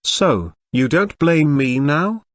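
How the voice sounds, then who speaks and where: A synthetic male voice reading the halting, apologetic lines of a tearful young wife in a web novel audiobook. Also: a little high, lively intonation, fairly bright tone, no room sound, pitched above the performer's own voice. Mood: tender.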